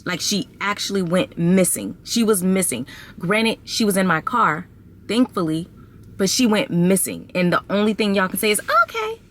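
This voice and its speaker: A woman's voice: medium pitch, normal speed. A young adult woman vlogging casually to her viewers, chatty and exasperated as she talks to them as y'all. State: six months pregnant. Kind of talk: casual storytelling vlog.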